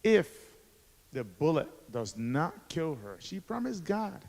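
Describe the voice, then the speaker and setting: A man's voice: a little high, very animated, measured pace, creaky, darkish tone. A man in his forties from Liberia, an author and activist telling his story to a school assembly with rhetorical questions to the audience. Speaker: guest speaker, author and activist. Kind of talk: motivational school assembly speech. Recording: echoey hall.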